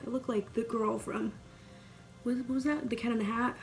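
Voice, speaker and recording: A woman's voice: fairly high pitch, steady tone, normal speed, faint music behind. A young woman vlogging at home, chatting casually and rambling with lots of cursing while doing her makeup. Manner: chatty, profane, rambling and playful.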